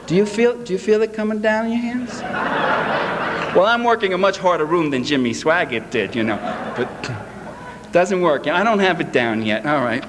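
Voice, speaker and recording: A man giving a live political lecture to an audience, sarcastic and animated, mocking the people he quotes. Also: sits high, moderate pace. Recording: echoey hall, faint hiss.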